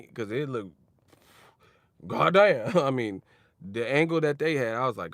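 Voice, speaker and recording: Animated, profane boxing ranter. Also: male voice, medium pitch, normal speed, dry recording. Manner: animated, profane, laughs often, mocks others with sudden shouts. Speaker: boxing commentator. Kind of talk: casual ranting commentary.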